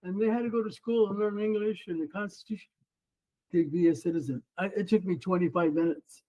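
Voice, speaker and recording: Older man telling animated stories. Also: high-pitched, brisk, low-quality recording. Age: 70s. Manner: animated, acts out quoted voices. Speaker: guest, former runner and coach. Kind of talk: storytelling in an interview.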